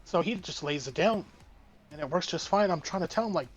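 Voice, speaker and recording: Halting man telling a story. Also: on the high side, fairly bright tone, muffled recording, soft background music. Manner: halting, many fillers and restarts. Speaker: streamer guest. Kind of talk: casual storytelling.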